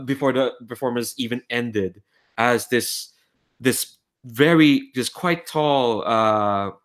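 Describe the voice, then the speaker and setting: A man narrating a tabletop game as game master, describing scenes in a halting way with many fillers. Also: mid-range voice, a bit bright.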